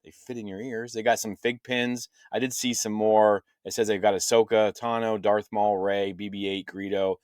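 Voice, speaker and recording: A man's voice: lowish voice, little pitch movement, normal speed, hardly any pauses, a little mellow, dry recording, clean studio sound. A man in his fifties co-hosting a casual chat podcast, rambling and trailing off with lots of fillers. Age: 50s. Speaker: podcast co-host.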